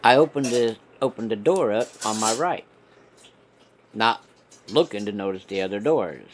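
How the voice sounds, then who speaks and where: A man's voice: lowish voice, lively intonation, normal speed, slight background noise. A man telling a casual story in a folksy, profane, laid-back way.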